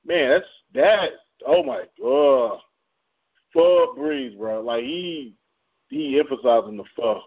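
Taking his time, this male radio host delivers a chart countdown with an animated, medium-pitched voice. His tone is joking and full of slang and frequent laughter, and the recording has a dull, lo-fi quality.

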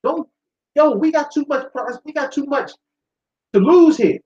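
A man's voice: extremely high pitch, animated, unhurried, darkish tone. A man hosting a talk show, delivering a blunt, profane, preachy monologue to his listeners. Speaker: show host. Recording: echoey room, dull sound.

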